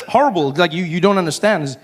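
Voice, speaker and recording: Performing stand-up, a man talks fast and animatedly, jumping into shouted high voices for the characters he acts out.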